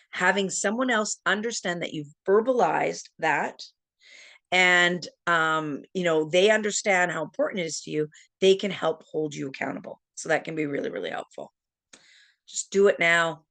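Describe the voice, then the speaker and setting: A woman with a slightly low voice giving a webinar presentation. She talks casually and tells a personal story, acting out the lines of each person with energy. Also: gravelly. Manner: lively storyteller, acts out dialogue.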